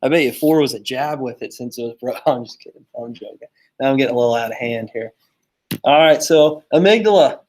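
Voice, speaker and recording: A man's voice: mid-range voice, fairly even intonation, fast, a little mellow. A man teaching a psychology lesson in a casual, chatty way, full of fillers and joking asides. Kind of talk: casual classroom lecture.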